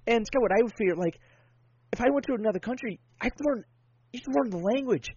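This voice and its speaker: A man's voice: very high voice, expressive, fairly quick, lo-fi sound, noisy background. A man in casual podcast chat, rambling and swearing freely with lots of enthusiasm.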